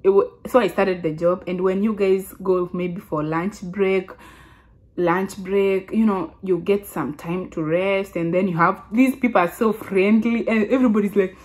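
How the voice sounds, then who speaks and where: A woman's voice: mid-range voice, normal speed. Chatty young Kenyan woman vlogging. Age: 20s. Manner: chatty, animated, laughs often, restarts sentences. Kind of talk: casual storytelling vlog.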